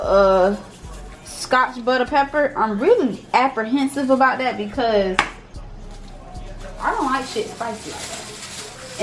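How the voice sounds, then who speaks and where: A young woman chatting casually and teasingly while she cooks for her channel. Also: fairly high pitch. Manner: playful, teasing, slangy. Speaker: cooking vlogger. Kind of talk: casual cooking chat.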